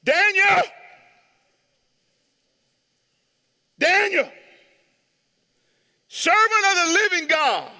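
A desperate ancient king calls out in a loud, pleading voice, as a preacher acts him out. The pitch leaps high and sharp with strain. A long hall reverb trails every cry. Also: expressive, slow pace, exaggerated voice. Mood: anguished. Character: anguished ancient king crying out for his servant.

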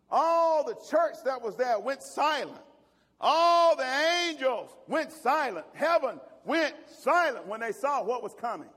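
A male pastor preaching a sermon in a church, switching between shouted exclamations and folksy jokes. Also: extremely high pitch. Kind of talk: fiery sermon. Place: church sanctuary. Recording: long church-hall reverb.

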